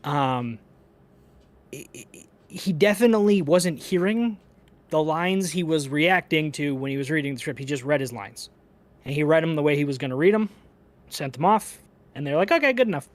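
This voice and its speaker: A man co-hosting a casual gaming podcast, talking in an animated, profane, ranting way. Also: on the high side, normal speed. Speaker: podcast co-host.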